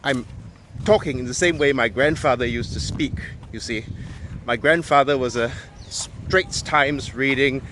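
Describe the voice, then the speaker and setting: A man's voice: on the high side, noisy background. A man from Malaysia with a British accent, giving a frank, opinionated monologue with sardonic asides. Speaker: commentator. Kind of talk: casual monologue.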